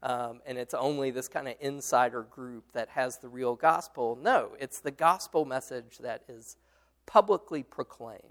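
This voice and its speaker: Gravelly-voiced man leading a Bible study. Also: mid-range voice, fairly bright tone. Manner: halting, many fillers and restarts; explains patiently, responds to students.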